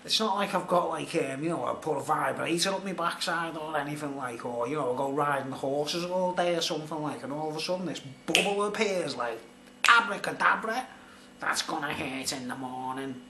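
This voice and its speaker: A man's voice: a little high, a little fast, creaky, few pauses, pushed and bright. Rambling man, roomy echo. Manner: rambling, filler-heavy, conversational. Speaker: vlogger. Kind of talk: rambling personal storytelling. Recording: roomy echo, faint background noise.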